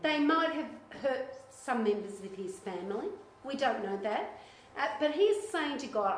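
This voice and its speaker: A woman leading a small-group Bible study in a casual, animated way, acting out what biblical figures might say. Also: high voice, unhurried, slight background noise. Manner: animated, chatty, acts out voices of biblical figures. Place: echoey room with a small group. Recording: echoey room recording.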